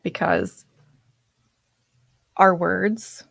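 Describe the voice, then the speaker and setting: A woman's voice: lowish voice, fairly even intonation, very slow, vocal fry, husky, dry recording, clean studio sound. A woman coach teaching a live online workshop in a loose, chatty way, now and then losing her place in her notes. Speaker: personal development coach.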